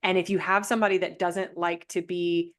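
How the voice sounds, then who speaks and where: A woman coaching a group over a video call, reflective and gentle, often restarting her sentences. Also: lowish voice, level tone, fairly quick. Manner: gentle, reflective, thinks aloud with many restarts. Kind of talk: live online coaching session.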